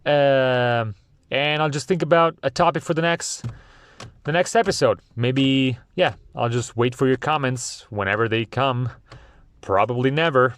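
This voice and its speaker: A young man, talks off the cuff as a podcast host in a middle-pitched voice. He rambles and hesitates with lots of ums and uhs, and he swears freely. The sound is dry and close, with no room echo. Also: measured pace. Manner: meandering, hesitant with many fillers, profane. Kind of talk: casual rambling monologue.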